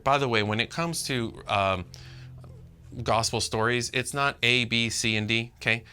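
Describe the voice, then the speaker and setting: A man preaching a sermon as pastor, animated and talking directly to his congregation. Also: mid-range voice, moderate pace. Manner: animated, talks to the congregation, acts out quotes.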